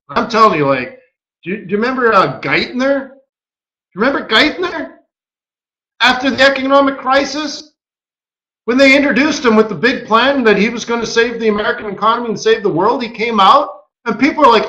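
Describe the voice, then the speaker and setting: A man hosting a live trading webinar, telling stories in a casual, animated way and acting out the voices of the people he quotes. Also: very high-pitched, brisk. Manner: animated storyteller who acts out quoted voices. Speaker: forex market strategist and webinar host. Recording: echoey room, dull lo-fi audio.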